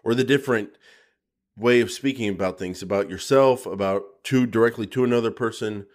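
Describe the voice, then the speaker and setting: A man's voice: on the low side, a little fast, a little mellow. A man co-hosting a podcast in casual chat, playful and teasing, who explains things at length. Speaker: podcast co-host.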